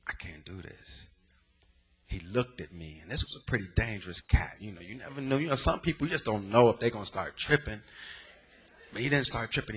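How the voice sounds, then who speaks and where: A man's voice: lowish voice, pushed and bright, breathy edge. A man from the Bay Area giving a dramatic, emotional personal testimony in a sermon, using plain street slang. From San Francisco Bay Area.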